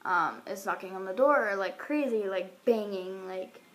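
A woman's voice: mid-range voice, a little slow, soft background music. A young woman telling a casual storytime vlog at home into a phone, rambling along with lots of "like" and "um". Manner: rambling, full of fillers like "like" and "um", laughs now and then. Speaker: vlogger. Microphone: phone or webcam.

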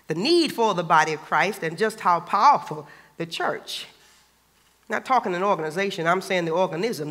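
A pastor delivers his sermon in a bright, sharp voice that swings widely up and down in pitch. He talks in an emphatic, colloquial way and hammers each point through repetition. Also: big-room sound. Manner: emphatic, colloquial, repeats phrases for stress. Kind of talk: preaching a sermon.

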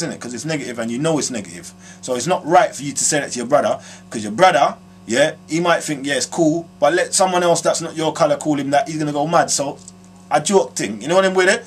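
A man with a London accent hosting a comic advice show, answering viewer letters in slangy, animated streetwise patter. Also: fairly high pitch, a little hiss or hum. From South London. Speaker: host answering viewer questions.

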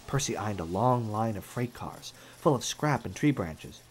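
Lively, expressive male storybook narrator. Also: on the low side, moderate pace, hardly any pauses, breathy edge.

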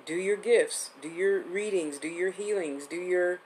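A woman's voice: on the low side, measured pace, a little mellow, a little hiss or hum, rough recording. A woman in her fifties giving a live-streamed psychic reading, chatty and affectionate, rambling with restarts. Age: 50s. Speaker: psychic medium host.

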